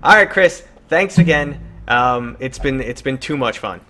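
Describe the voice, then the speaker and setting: A man's voice: medium pitch, lively intonation, unhurried, pushed and bright, faint music behind. A man with a New York City accent hosting a casual interview, joking and enthusiastic. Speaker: host.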